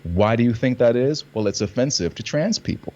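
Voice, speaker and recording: A man's voice: medium pitch, brisk, highs cut off. A man and actor talking in a casual conversation, telling stories with energy and acting out lines in different readings. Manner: animated storytelling, acts out lines in different readings. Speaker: actor and guest.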